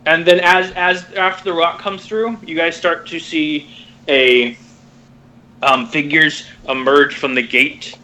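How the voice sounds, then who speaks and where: A man narrating a tabletop game as game master, halting with many fillers and restarts. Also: a little high, steady tone, bright, forceful tone, rough recording.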